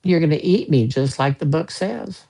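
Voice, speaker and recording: A man voicing a young girl in a red hood in a joke, answering flat and matter-of-fact. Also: fairly high pitch, moderate pace, gravelly, breathy edge, heavily acted. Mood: deadpan.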